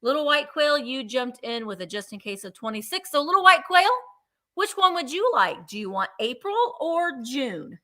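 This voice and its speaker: Bright, lively woman auction host. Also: high-pitched, moderate pace. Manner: chatty, playful, counts down bids. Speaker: live sale host. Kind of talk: live auction selling chat.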